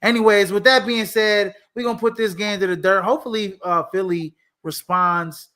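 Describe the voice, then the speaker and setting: A man's voice: sits high, fairly even intonation, moderate pace, pushed and bright. A man co-hosting a casual sports podcast, laid-back, with many fillers and restarts and frequent laughs. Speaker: podcast co-host.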